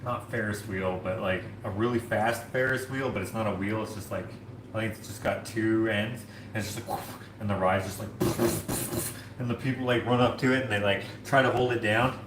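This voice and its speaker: A man's voice: fairly low pitch, fairly even intonation, a little fast, reverberant, noisy background. A man hosting a casual livestream from his home kitchen, washing dishes while he reads comments and rambles, full of filler words like "like". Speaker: streamer and host.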